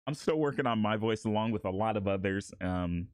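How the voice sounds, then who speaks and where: A man's voice: on the low side, fairly quick, clean tone, dry recording. A man talking casually through a voice acting tutorial, rambling a little with restarts. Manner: laid-back, rambling with many restarts and laughs.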